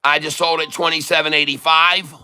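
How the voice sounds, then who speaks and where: Male livestream host, slightly high, smooth voice, chatty rambling storyteller. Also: little pitch movement, brisk, bright, forceful tone. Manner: rambling, chatty anecdote telling with many restarts. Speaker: livestream day trader and channel host.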